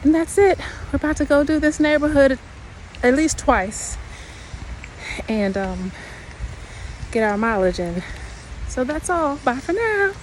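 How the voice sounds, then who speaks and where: A woman's voice: high voice, lively intonation, measured pace, pauses often, a little hiss or hum, poor audio. Chatty woman walking outdoors. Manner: chatty, laughs often, says y'all. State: slightly winded. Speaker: vlogger. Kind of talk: casual walking vlog chat. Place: outdoors in a hilly neighborhood.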